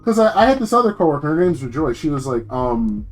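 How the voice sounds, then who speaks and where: A young man streaming, ranting casually about work, animated and swearing, jumping high in pitch when indignant. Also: fast talker, hardly any pauses, soft background music.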